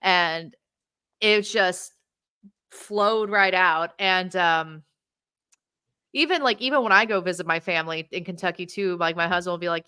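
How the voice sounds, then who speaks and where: A woman's voice: fairly low pitch, a little slow, bright, forceful tone, smooth, no echo. A woman hosting a casual interview over a video call, friendly and rambling, with frequent restarts. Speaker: interview host.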